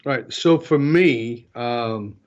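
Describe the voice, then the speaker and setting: A man's voice: medium pitch, very slow, lo-fi sound. A middle-aged man, a guest on an interview show, telling stories emphatically and acting out the dialogue of others. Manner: emphatic, storytelling, acts out quoted dialogue. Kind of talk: animated interview talk.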